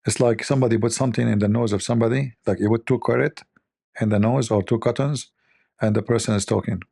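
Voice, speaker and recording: A man's voice: medium pitch, steady tone, fairly quick, creaky, mellow, dry recording, clean studio sound. A man hosting a joking commentary who rambles, mocks and thinks aloud into a desk microphone. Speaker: host.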